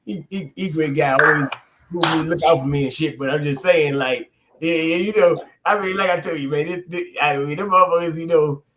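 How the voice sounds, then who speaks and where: A middle-aged man telling a long, profane, animated story in a casual chat and laughing as he goes. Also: fairly high pitch, a little fast, reverberant, slight background noise. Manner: animated, profane, laughs through his stories. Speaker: podcast co-host.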